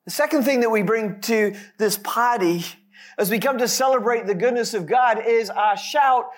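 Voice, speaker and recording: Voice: mid-range voice, normal speed. A pastor preaching a sermon, speaking emphatically with light, self-deprecating humor.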